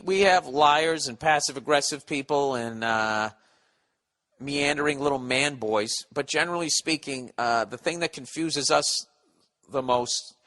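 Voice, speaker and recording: A man's voice: on the high side, pushed and bright. A man hosting a podcast, ranting in a casual, profane, sarcastic and rambling way. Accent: Boston. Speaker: podcast host. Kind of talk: casual comedic rant.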